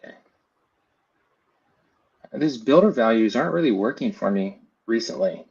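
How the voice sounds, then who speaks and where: Low gravelly guy talking to himself while building an app, dull lo-fi mic. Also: animated, normal speed, a little mellow. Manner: thinks aloud while building, talks to himself. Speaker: FlutterFlow trainer. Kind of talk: casual screen-share tutorial.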